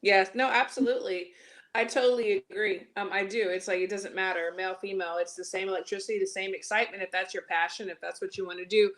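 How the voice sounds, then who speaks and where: A woman hosts a relaxed talk show. She talks in an animated way, loose and full of fillers. Her pitch sits in an ordinary middle range. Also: fast. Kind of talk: casual chat.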